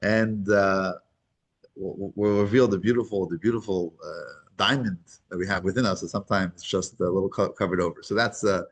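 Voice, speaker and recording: A man with a husky, slightly breathy voice teaches a small group in a loose, conversational way. He stumbles and restarts often. His voice lifts with energy once he gets into a story. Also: low-pitched. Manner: halting, many restarts, grows animated when telling a story. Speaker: rabbi teaching a weekly class.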